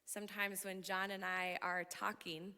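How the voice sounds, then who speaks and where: A woman giving a sermon in church, talking animatedly and growing loud when excited, with frequent laughs. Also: medium pitch, a little slow, vocal fry, clear, resonant tone. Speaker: church speaker. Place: church auditorium. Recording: long hall reverb.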